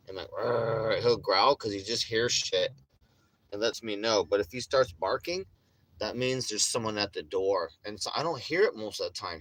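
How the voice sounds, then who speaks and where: A man's voice: mid-range voice, a bit bright, no echo. A man chatting casually on a livestream in a rambling, profane way, with frequent laughs, while getting over a chest illness. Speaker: vlogger.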